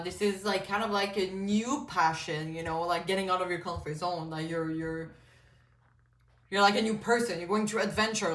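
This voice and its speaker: With a medium-pitched, slightly bright voice, a tarot reader whose first language is French does a casual pick-a-card reading. It's chatty, peppered with "like," "you know" and plenty of swearing.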